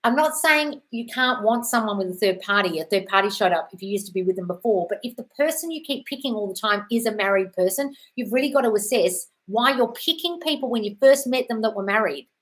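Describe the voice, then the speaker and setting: A woman's voice: mid-range voice, animated, brisk, hardly any pauses. A woman answering chat questions on a casual live stream, blunt and sweary, calling viewers darling.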